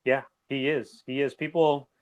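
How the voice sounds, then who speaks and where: A man guesting on a boxing talk show, rambling in an animated way and laughing easily. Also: medium pitch, a little slow, lo-fi sound. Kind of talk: casual boxing recap chat.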